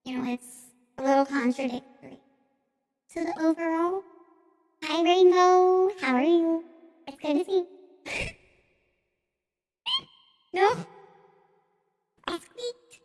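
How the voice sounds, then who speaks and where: A woman streamer chatting casually through a high chipmunk voice changer, giggly and playful. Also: unhurried, long pauses, darkish tone, long reverb tail. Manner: giggly, playful, fiddling with settings. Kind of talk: casual live-stream chat.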